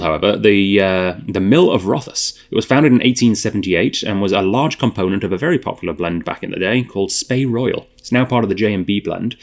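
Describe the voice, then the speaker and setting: A man hosting a whisky tasting video, chatting casually and thinking aloud with fillers and self-corrections. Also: on the low side. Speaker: host.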